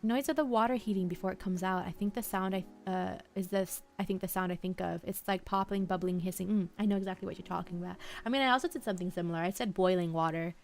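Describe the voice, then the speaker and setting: A young woman streaming live, chatting softly and calmly, with a quiet, slightly mumbled way of talking and wandering thoughts. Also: on the low side, quick pace, gravelly, hardly any pauses, soft background music. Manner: soft-spoken, mumbling, drifting thoughts. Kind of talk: relaxed live-stream chat. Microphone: headphones half off, desk mic.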